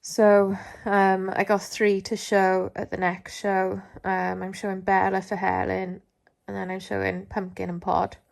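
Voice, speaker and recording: A woman's voice: mid-range voice, monotone, unhurried, vocal fry, few pauses. A woman who shows dogs, chatting casually into her phone at home, rambling with lots of fillers. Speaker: dog show handler. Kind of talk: casual vlog chat. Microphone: phone held in hand.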